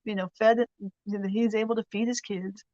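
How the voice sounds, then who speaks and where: A woman's voice: medium pitch, steady tone, moderate pace, darkish tone, dry recording, dull audio. A woman hosting a weekly prayer show, giving a chatty, rambling faith lesson with frequent laughs. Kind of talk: casual faith teaching.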